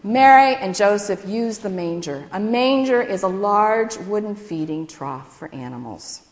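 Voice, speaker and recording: Woman voicing a patient mother figure, explaining to kids, lively pitch, echoey hall read. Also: measured pace, natural voice. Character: patient woman reading scripture to unruly kids. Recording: echoey hall with long reverb.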